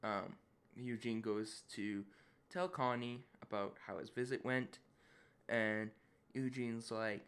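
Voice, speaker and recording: A man chatting casually as a co-host, quick to laugh and often chiming in with brief agreement. His voice sits at an ordinary middle pitch. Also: fairly bright tone. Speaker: podcast co-host. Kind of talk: casual chat.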